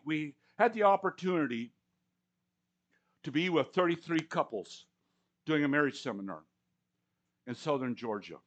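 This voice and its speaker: A pastor addresses his congregation during a church service in a slightly high, fairly bright voice, captured on lo-fi audio. His sermon is conversational and anecdotal, with frequent stammering and acted-out quotes.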